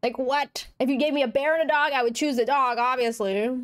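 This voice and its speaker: A young woman game streamer with a slightly high voice, chatting casually as she plays. She reads the story text aloud and breaks into animated, rambling asides full of restarts. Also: fairly quick. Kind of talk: casual gameplay commentary and reading aloud.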